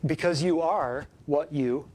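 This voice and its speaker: A man's voice: a little high, takes it slowly, a little mellow. Folksy chiropractor man lecturing an audience. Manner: folksy, emphatic, asks the audience questions. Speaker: chiropractor giving a health talk. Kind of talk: live talk to a small audience.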